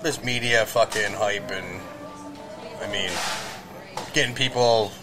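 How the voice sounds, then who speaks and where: A man's voice: lowish voice, steady tone, takes it slowly, music in the background, poor audio. A man hosting a podcast, chiming in with blunt, profane agreement and complaints. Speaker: podcast host. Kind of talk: casual podcast conversation.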